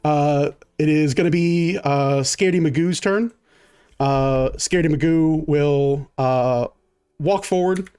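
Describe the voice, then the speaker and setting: A man's voice: a little high, slow, warm tone, clear, resonant tone. Man narrating as dungeon master. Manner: vivid, descriptive narration with fillers. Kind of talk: narrating a tabletop game.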